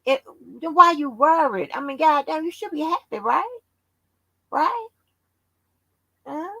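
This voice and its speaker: A brash woman livestream host with a bright, lively voice that swoops up and down as she needles her chat. She talks slowly and profanely, and the sound is dry and close. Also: high-pitched, no room sound, low-quality recording. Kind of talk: casual live-stream chat.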